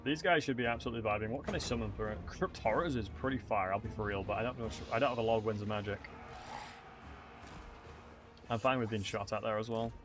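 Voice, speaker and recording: Racing along with hardly any pauses, a low-voiced English man gives casual gameplay commentary while streaming a strategy game, music playing in the background. He chats to viewers in a rambling way, full of fillers and restarts.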